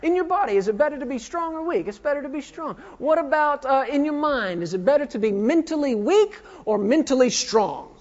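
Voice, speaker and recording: A man's voice: very high voice, animated, a little fast, few pauses, darkish tone. A man in his thirties preaching a sermon, firing emphatic questions at the congregation. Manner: emphatic call-and-response questioning. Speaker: pastor. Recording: dull lo-fi recording with long hall reverb.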